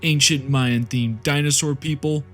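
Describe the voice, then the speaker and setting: Slow, sarcastic male lore narrator. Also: mid-range voice, fairly even intonation, fairly bright tone. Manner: sarcastic, jokey asides. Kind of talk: comedic scripted narration. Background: faint background music.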